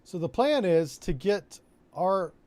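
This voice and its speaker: A man's voice: high voice, expressive, slow pace, dark tone, no room sound. A middle-aged man from Florida with a Florida accent, chatting and joking with viewers while commentating on a naval strategy game. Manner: chatty, joking asides, talks to chat. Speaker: streamer. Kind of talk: casual gameplay commentary.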